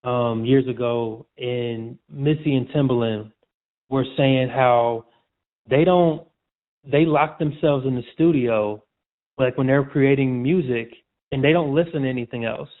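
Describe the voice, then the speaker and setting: A man appears as a sportswriter guest in a casual interview, telling stories in a relaxed, slangy manner. His voice is medium-pitched and unhurried, and the audio sounds tinny, like a phone line.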